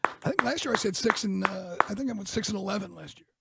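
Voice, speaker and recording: Gravelly high-voiced male radio co-host. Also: background noise. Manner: quick banter with stammering restarts. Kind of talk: sports talk radio banter. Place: radio studio.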